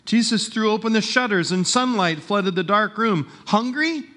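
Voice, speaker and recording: A male pastor delivering a sermon with lively storytelling, his voice sitting somewhat high. He slows right down and drops in pitch to stress key phrases. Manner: animated storytelling, slowing for emphasis.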